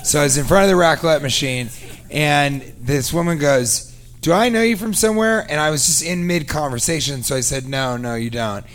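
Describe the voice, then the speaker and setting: A man telling a comic story, sarcastic and animated, acting out both sides of a conversation. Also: medium pitch, normal speed. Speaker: comedian. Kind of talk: comedic storytelling.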